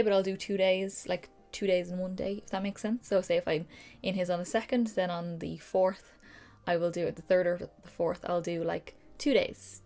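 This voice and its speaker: A young woman talks through a beauty haul in a casual vlog from her decorated room at home. She rambles along, chatty and enthusiastic, at an ordinary pitch. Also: darkish tone. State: out of breath. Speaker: beauty vlogger.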